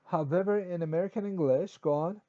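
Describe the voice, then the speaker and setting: A man's voice: sits high, fairly quick, phone-quality sound. A man teaching a grammar lesson, explaining in short bursts with frequent "okay" and fillers.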